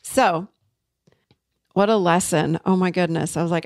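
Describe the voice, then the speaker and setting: A woman host telling a personal story in an earnest, confessional way, dropping softer when she recounts tender moments. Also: fairly low pitch, steady tone, unhurried, dry recording, studio quality. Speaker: podcast host and coach.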